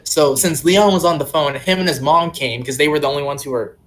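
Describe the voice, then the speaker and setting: This podcast co-host is a young man with a slightly high, fairly bright voice who talks briskly. He casually rambles through a lengthy personal story, filling it with "like" and "um."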